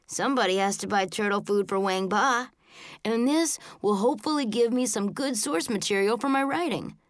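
A woman's voice: mid-range voice, moderate pace, dry recording, studio quality, close to an everyday voice. Woman doing a wry easygoing uncle. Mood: breezy.

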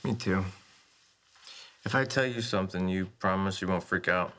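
A man's voice: deep voice, normal speed, a bit bright. An actor playing a fireman who talks in teasing, flirtatious banter. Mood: tender. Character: charming, playful fireman lover. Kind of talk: sitcom acting.

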